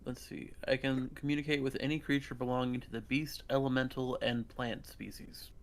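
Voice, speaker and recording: A man's voice: medium pitch, flat delivery, a little fast. A man playing a tabletop game, casual, hesitant and joking. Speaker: player.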